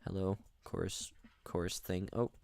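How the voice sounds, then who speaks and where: A man's voice: deep voice, fairly even intonation, slow, creaky, darkish tone, no room sound. A young man rambling through casual gameplay commentary as a streamer, often restarting his sentences and reading out chat messages. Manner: rambling, chatty, many restarts. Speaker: gaming streamer.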